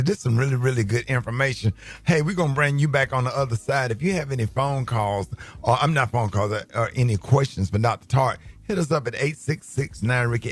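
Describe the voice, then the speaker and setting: A man hosting a morning radio show, chatting casually and telling stories in an animated, playful way. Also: medium pitch.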